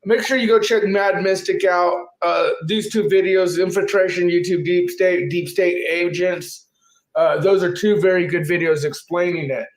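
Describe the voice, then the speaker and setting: A man's voice: sits high, fairly even intonation, moderate pace. A man hosting his channel, ranting angrily and profanely at a rival. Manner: angry, profane, accusatory. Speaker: channel host. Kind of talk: ranting commentary. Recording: echoey room with faint noise.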